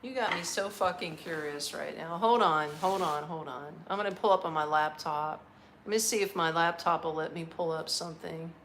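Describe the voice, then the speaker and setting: A woman's voice: sits low, moderate pace, fairly bright tone, slight background noise. A middle-aged American woman on a live stream, chatting casually with viewers, blunt and laughing, swearing freely. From United States. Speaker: vlogger answering live chat.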